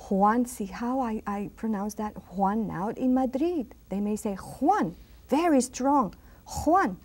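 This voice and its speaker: A woman's voice: on the high side, expressive, dark tone, husky. A woman from Puerto Rico with a Puerto Rican accent, teaching a language lesson on a school TV program and patiently repeating words. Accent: Puerto Rican Spanish. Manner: slow, patient, repeats words for the viewer to echo. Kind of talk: educational TV lesson.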